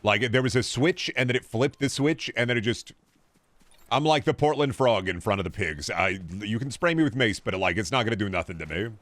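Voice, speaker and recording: A man's voice: medium pitch, expressive, fairly quick, a bit bright, no room sound. A man in his twenties streaming a video game, chatting casually and answering his chat in a rambling, jokey, profane way. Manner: talks back to chat while playing. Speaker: gaming streamer. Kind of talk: casual gaming livestream chatter.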